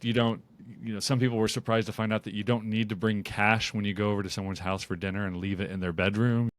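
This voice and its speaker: A man's voice: fairly low pitch, steady tone, fast talker, no echo, studio quality. An American man hosting a podcast, chatty and anecdotal in casual conversation. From United States.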